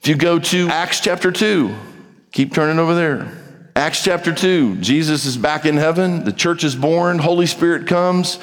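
A man's voice: on the high side, normal speed. Man preaching casually in a reverberant space. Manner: conversational preaching, reads scripture then explains it plainly. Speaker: pastor. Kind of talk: sermon.

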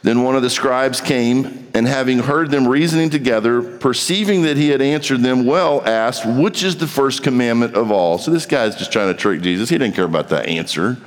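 A man's voice: mid-range voice, moderate pace, hardly any pauses, in a large hall. A man preaching, reading scripture aloud and explaining it in a plain, conversational way. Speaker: pastor. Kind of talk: sermon.

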